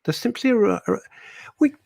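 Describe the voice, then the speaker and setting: A man's voice: very high-pitched, lively intonation, moderate pace, creaky, darkish tone. A man hosting a radio show, blunt and jokey as he reads out listener messages. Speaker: radio host. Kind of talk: casual radio chat.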